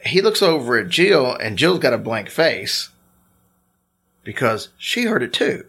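Gravelly man telling ghost stories. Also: mid-range voice, measured pace. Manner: animated storyteller, teasing. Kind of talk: casual storytelling chat.

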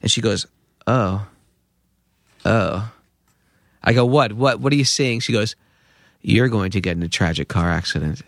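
A man in his fifties, a podcast guest, telling an anecdote with lively acted-out quotes. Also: on the low side, normal speed, long pauses, no room sound, studio quality. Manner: lively storyteller acting out quoted voices. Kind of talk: anecdotal storytelling.

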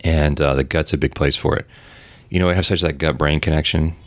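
A man's voice: very deep voice, steady tone, a little fast, no echo. A man talking casually as a podcast guest, telling a long story in a loose, rambling way full of fillers.

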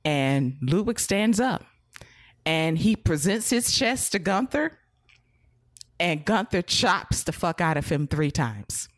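Woman podcast host, lowish voice, very lively pitch, expressive, swears, dry sound. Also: slow, no room sound. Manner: expressive, laughing, swears freely. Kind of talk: casual wrestling recap.

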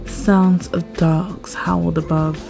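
A woman reading a first-person story aloud, expressive and rising at tense moments. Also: lowish voice, slow pace, gravelly. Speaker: story narrator. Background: faint background music.

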